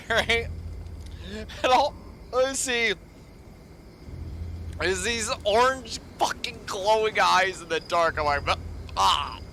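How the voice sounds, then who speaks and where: Foul-mouthed, excitable game streamer. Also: slow pace, pauses often, a little hiss or hum. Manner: profane, jumpy and easily startled, swears constantly; animated outbursts alternating with low grumbling. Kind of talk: live gameplay commentary.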